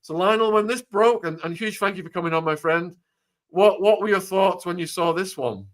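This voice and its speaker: A man hosting a podcast and interviewing a guest, hurried and stumbling over restarts. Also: sits high. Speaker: podcast host.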